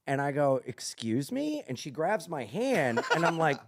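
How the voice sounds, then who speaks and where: A comedian telling a comic story in a lively way, acting out the voices and laughing as he goes. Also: a little high, measured pace. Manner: animated, acts out voices, laughs mid-story. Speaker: comedian guest.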